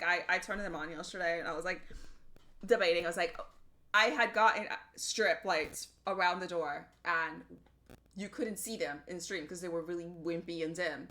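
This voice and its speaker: Bright-voiced chatty woman streamer. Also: fairly low pitch. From Puerto Rico. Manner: chatty, laughing asides, greets chat by name. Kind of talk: casual chat.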